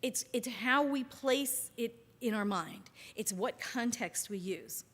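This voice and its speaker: Animated woman minister preaching in a reverberant hall. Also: fairly high pitch, slow pace, husky. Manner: conversational and animated, asks the congregation questions. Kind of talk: sermon.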